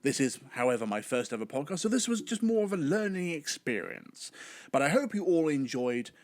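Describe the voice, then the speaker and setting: A man's voice: on the high side, sing-song, fairly quick, dry recording. A young British man hosting his own podcast, rambling in a chatty way with sudden theatrical outbursts. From Britain. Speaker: podcast host. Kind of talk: solo podcast chat.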